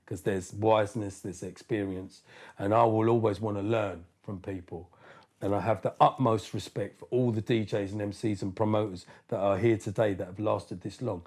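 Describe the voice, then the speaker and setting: A man, a DJ talking in a casual interview, animated and full of slang, often repeating words as he restarts. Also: lowish voice. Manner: street slang. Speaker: DJ and producer, interview guest.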